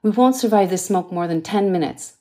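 A woman's voice: medium pitch, a little fast, warm tone, lightly acted. A woman voicing a nurse speaking firmly and urgently in a crisis, in an audiobook. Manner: firm, urgent. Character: calm but urgent young female nurse.

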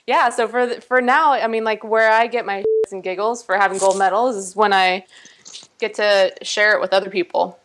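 Brief: woman, podcast guest, rambling chatty delivery, mid-pitched. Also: steady tone, moderate pace, fairly bright tone, a little hiss or hum. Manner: chatty, many fillers and restarts. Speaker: guest, Olympic rower. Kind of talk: casual podcast interview.

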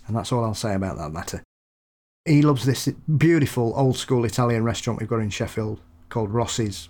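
A man's voice: medium pitch, a little mellow. A man co-hosting a podcast, chatting casually with jokey, rambling anecdotes. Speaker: podcast co-host. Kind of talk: casual chat.

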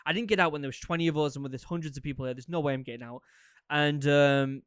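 Man, thirties, podcast host, rambling storyteller, slightly high voice, smooth clear tone, dry close sound. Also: fast, no echo. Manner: rambling, animated, lots of fillers and repeats. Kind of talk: casual storytelling, answering listener questions.

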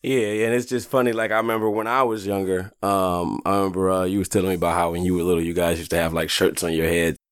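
A podcast host with a low voice and a dry, close sound. He chats casually and tells his stories with animation. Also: quick pace, hardly any pauses, clear, resonant tone, no room sound. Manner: animated storyteller, drifts into comic voices. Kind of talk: casual chat.

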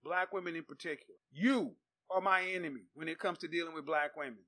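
A man's voice: on the high side, fast talker, sharp tone. A man hosting a dating-advice talk show, talking in a profane, combative way.

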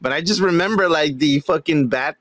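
A man's voice: a little high, fairly quick, fairly bright tone, no echo. A man co-hosting a casual podcast, laughing and talking loosely and profanely. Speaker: podcast co-host. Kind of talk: casual drunk podcast banter.

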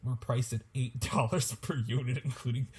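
A man's voice: medium pitch, moderate pace. A young man co-hosting a podcast in casual chat, joking and laughing often. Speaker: podcast co-host.

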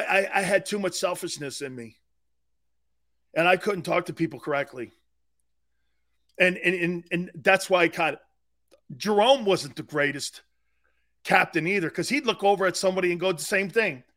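An older man hosting sports talk radio, telling brash, profane stories with shouted quotes. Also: high-pitched. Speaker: radio show host.

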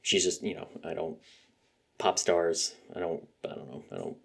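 A man's voice: low voice, very animated, moderate pace, gravelly, a bit bright, slightly rough. A young man hosting a podcast, rambling casually about music with lots of fillers and swearing. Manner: rambling, profane, frequent fillers. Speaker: podcast host.

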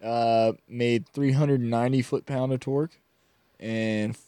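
A man's voice: mid-range voice, steady tone, measured pace, dark tone, clean tone, no room sound. A man co-hosting a casual podcast chat, rambling enthusiastically about classic cars. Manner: rambling, enthusiastic car talk. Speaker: podcast co-host.

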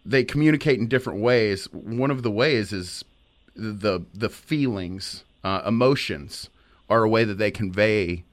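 A man's voice: on the low side, unhurried, no room sound. A man hosting an interview in a casual, loose way, restarting his thoughts as he goes. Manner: loose, swears, trails off and restarts. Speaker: host.

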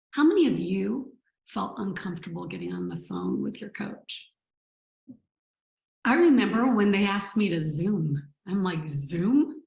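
A woman leading a motivational training call for health coaches, energetic, playful and emphatic. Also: mid-range voice, gravelly, roomy sound, rough recording.

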